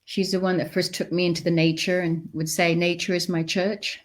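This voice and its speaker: A middle-aged woman, a guest in an interview, telling a personal story with animated delivery and acting out the voices in it. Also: fairly low pitch, brisk.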